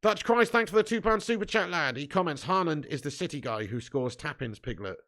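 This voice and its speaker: A man's voice: a little high, lively intonation, fairly quick, fairly bright tone. Chatty man hosting a live stream. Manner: banters with viewers, reads out chat comments, laughs often. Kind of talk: casual live watch-along chat.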